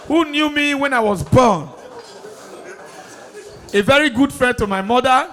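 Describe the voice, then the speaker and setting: A man's voice: very high voice, measured pace, pauses often, a bit bright. A Nigerian man emceeing a comedy show, hyping up and introducing the next act. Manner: hyping, playful. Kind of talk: stage introduction.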